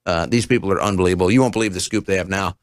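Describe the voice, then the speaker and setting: A man's voice: low-pitched, rapid-fire, no room sound. A man in his thirties hosting a political talk show, commenting with sarcasm and mocking impressions. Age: 30s. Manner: sarcastic, mocking, animated mimicry. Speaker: show host.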